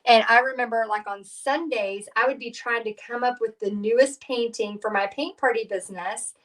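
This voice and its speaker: A middle-aged woman talks her viewers through a painting lesson, rambling from one story to the next with plenty of "um" and "you know". Her voice sits a little high for a woman. She sounds a bit back from the microphone. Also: normal speed, far from the mic, poor audio. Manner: chatty, rambling, warm storytelling with fillers. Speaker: painting instructor. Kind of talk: live painting tutorial chat.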